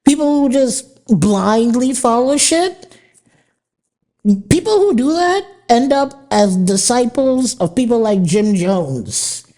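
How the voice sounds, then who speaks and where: A woman's voice: a little high, lively intonation, takes it slowly, dark tone. A woman hosting a podcast, delivering a casual ranting monologue in a blunt, profane, mocking way, laughing often. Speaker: podcast host.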